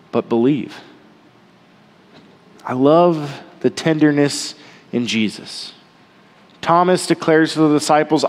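A man preaching a sermon, rising to loud emphasis and dropping to quiet, soft passages. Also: medium pitch, big-room sound. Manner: animated, rising and falling between loud emphasis and quiet softness. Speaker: pastor.

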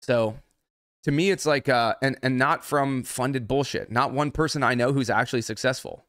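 A man's voice: mid-range voice, moderate pace, a bit bright, dry recording, clean studio sound. A man working as a trading mentor, ranting angrily and swearing heavily on a livestream. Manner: angry, heavily profane. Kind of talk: livestream rant.

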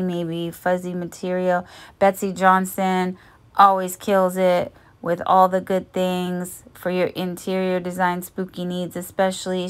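A woman narrating a shopping haul as a vlogger, chatty and gentle, cooing over cute finds. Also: fairly low pitch, clean tone.

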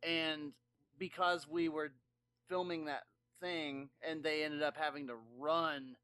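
A man in casual podcast chat, chiming in with quick joking remarks. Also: on the high side, little pitch movement, pushed and bright.

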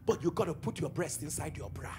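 A man preaching a charismatic sermon, swinging between quiet teaching and shouted, chanted prayer declarations. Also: a little high, lively intonation, quick pace, vocal fry, noisy background. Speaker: pastor.

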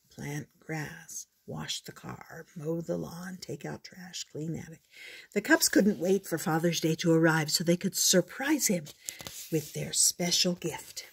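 An older woman reading a children's picture book aloud, gentle and measured. Her voice sits low and comes through husky and breathy. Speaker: storyteller. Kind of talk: storybook read-aloud.

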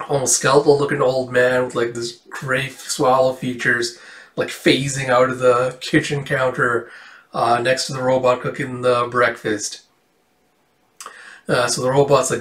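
A man's voice: mid-range voice, flat delivery, unhurried, a bit bright. A man reading through a comic book in a casual, rambling way, reading the characters' lines aloud and laughing now and then. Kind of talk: casual comic read-through with quick voices. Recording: echoey room, voice a bit off-mic.

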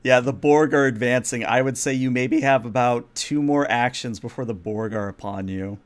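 A man narrating as game master of a tabletop role-playing game, relaxed and playful with the players. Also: medium pitch, moderate pace, smooth.

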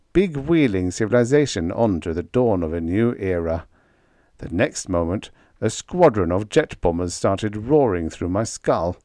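A male audiobook narrator with a low, darkish voice reads a scripted first-person story in a wry manner. The recording is dry and clean, with studio-quality sound.

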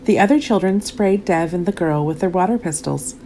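A woman narrating a children's storybook aloud in an expressive, animated way. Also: on the low side, fairly quick, slight background noise.

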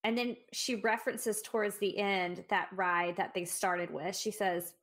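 A woman's voice: mid-range voice, steady tone, a little slow, few pauses, a bit bright. A woman co-hosting a podcast, discussing a short story in a reflective way and thinking aloud with restarts. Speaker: podcast co-host. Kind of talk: casual book discussion.

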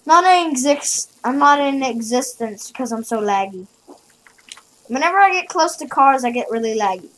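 A woman's voice: high voice, expressive, normal speed, a bit bright, a little hiss or hum, poor audio. A woman chatting casually as a guest while she plays a game, with an offhand, chatty manner. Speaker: guest player. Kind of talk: casual gameplay chat.

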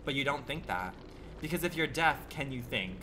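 A man's voice: medium pitch, animated, moderate pace, noisy background. A man livestreaming a game, chatting with his viewers in a sassy, campy, profane way, full of rambling rhetorical questions. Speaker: gaming livestreamer. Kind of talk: casual stream chat.

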